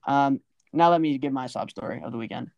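A man's voice: mid-range voice, fairly quick, vocal fry, darkish tone, clean tone, no echo, dull audio. A young man co-hosting a podcast, chatting casually about sports in a joking, self-deprecating way. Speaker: podcast co-host.

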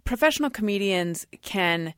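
A woman's voice: medium pitch, expressive, moderate pace, fairly bright tone, smooth, no room sound, clean studio sound. A woman hosting a podcast, asking thoughtful, hedging questions and laughing easily. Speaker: podcast host. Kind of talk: casual podcast interview.

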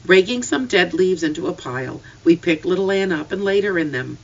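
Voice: medium pitch, expressive, a little fast, few pauses. An audiobook reader narrating a first-person story in an earnest, emotive way. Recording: slightly distant, dull lo-fi.

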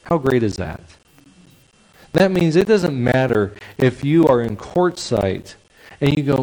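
A man preaching a sermon in a lively, conversational way, checking in with the congregation. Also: medium pitch, measured pace, rough recording. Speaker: pastor.

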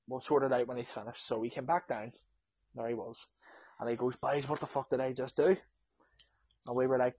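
A young man with a Northern Irish accent telling a casual anecdote, animated, swearing freely and acting out what people said. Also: mid-range voice, a little fast, slightly rough, no echo. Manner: animated storyteller, swears freely, acts out quotes. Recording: dull lo-fi sound.

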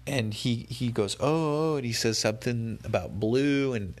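A man's voice: mid-range voice, moderate pace. A young man talking through his day as a casual spoken travel diary, rambling and conversational, with many fillers and restarts. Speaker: travel vlogger.

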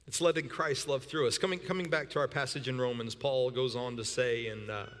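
A man preaching a sermon as pastor, animated, often repeating words and breaking into shouts for emphasis. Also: medium pitch, a little fast. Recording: long reverb in a hall.

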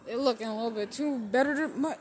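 A woman hosting a podcast, riffing in casual, slangy commentary, blunt and profane with drawn-out emphasis. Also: fairly high pitch. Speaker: podcast host.

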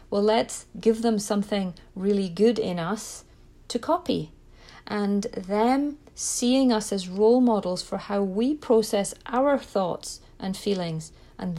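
In a direct-to-camera talk, a woman offers parenting advice in a warm, mid-range voice. Her delivery is earnest and thoughtful, marked by a few small restarts.

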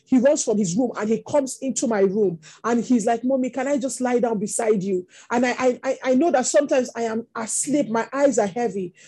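Nigerian woman preacher, high mellow voice, animated storytelling sermon. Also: slightly rough. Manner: storytelling, rising to impassioned exclamations.

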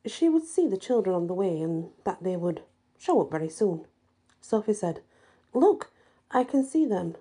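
Woman, storyteller, husky, mellow, measured reading. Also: medium pitch. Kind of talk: reading a folk horror story aloud.

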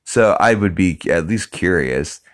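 A man's voice: low voice, expressive, unhurried. A man hosting a podcast, casually recapping a cartoon episode, rambling with many fillers. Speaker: podcast host.

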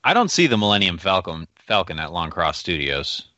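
Brief: teasing male podcast co-host, low bright voice, dry muffled sound. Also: sing-song, fairly quick, no room sound. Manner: teasing, reads listener feedback aloud. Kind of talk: casual chat.

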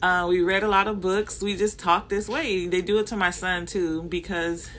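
With a lowish, somewhat bright voice held steady at normal speed, this Compton woman explains things conversationally, peppering her talk with fillers and corrections. She's a manager recounting work experiences in a Southern Californian accent, and faint background noise can be heard.

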